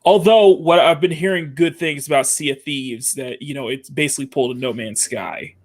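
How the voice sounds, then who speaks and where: A man's voice: fairly high pitch, moderate pace. A man co-hosting a live-streamed talk show, reading articles aloud and chatting with frequent restarts. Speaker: co-host. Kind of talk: casual chat on a live stream. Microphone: remote call mic.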